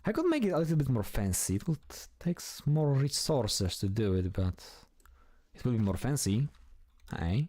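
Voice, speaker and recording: A man's voice: mid-range voice, big pitch swings, moderate pace, warm tone, no room sound. A man giving casual, chatty commentary while he plays a building game, talking to himself and swearing now and then. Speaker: gameplay streamer.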